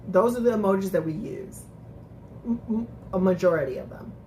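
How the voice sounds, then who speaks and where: A woman's voice: mid-range voice, animated, fairly quick, mellow, a little hiss or hum. A woman hosting a casual live-stream recap, chatting with viewers, laughing often and restarting her sentences. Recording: echoey room.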